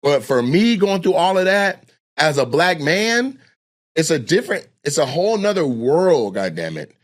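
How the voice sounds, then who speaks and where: A man from Washington State, a guest comedian, telling a story in casual, animated, profane chat and acting out other people's voices. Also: fairly high pitch, moderate pace.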